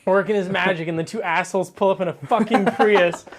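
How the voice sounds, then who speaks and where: A man's voice: high-pitched, a little fast. A young man co-hosting a casual chat show, telling a story with lots of laughter and swearing. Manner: animated storyteller, laughs often, swears freely. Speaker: co-host.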